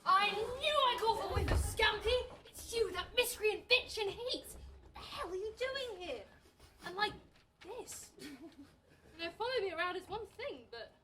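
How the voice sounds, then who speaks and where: A woman's voice: very high voice, animated, unhurried, noisy background. A woman voicing a furious revolutionary man trapped in an emperor's body in a comedic audio play, ranting and sneering. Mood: indignant. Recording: distant, off-mic voice.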